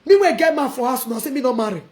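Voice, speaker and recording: A woman with a high voice and a Nigerian Pidgin accent rants defiantly on a live video. Her voice carries an echo from the room around her. She laughs and shouts as she talks. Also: animated, racing. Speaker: vlogger. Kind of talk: casual live-video rant.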